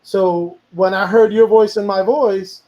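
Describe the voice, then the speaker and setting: High-voiced man in rambling casual chat. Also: steady tone, measured pace, warm tone, dull audio. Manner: rambling, switches into Spanish. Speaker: music producer and host.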